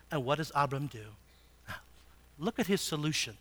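A man teaching a Bible passage in a sermon, animated and asking his listeners frequent rhetorical questions. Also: fairly high pitch.

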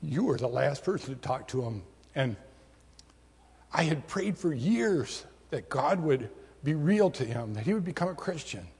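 A preacher giving voice to a stern fifty-year-old widow, grieving and confessing. The voice is husky and fairly high for a man. A long reverb trails each phrase. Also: exaggerated voice. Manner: tearful confessing retelling.

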